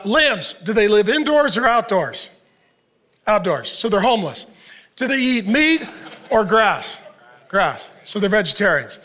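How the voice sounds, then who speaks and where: A man's voice: extremely high pitch, sharp tone. A man preaching a sermon as pastor, punchy and joking, firing rhetorical questions at the audience.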